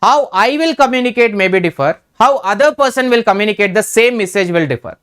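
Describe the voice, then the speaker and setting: A man's voice: high-pitched, expressive, a little fast, fairly bright tone, clear, resonant tone. A man teaching an exam revision lecture in Indian English, repeating key terms and checking in with "right?".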